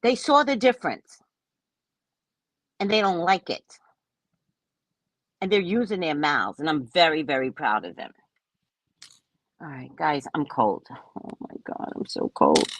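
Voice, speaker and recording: Husky, animated woman telling a story. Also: a little slow, pauses often, no echo. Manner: animated, mocking, laughs often, voice leaps high when exasperated. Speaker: podcast host. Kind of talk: casual storytelling chat.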